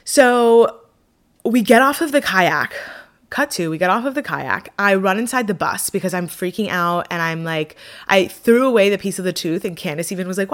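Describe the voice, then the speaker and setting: A young woman vlogger telling a personal story in a casual, animated way, full of fillers and dramatic self-mockery. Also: medium pitch, a little fast.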